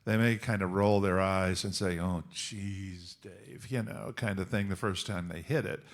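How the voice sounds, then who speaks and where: A man speaking on a writers' conference panel, measured and wry with joking asides. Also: low-pitched, steady tone. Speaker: panelist author.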